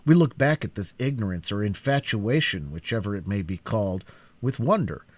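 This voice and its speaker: A man reading a classic novel aloud in a live cold-read, with a dramatic, expressive delivery. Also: fairly low pitch, normal speed, no room sound. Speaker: audiobook reader.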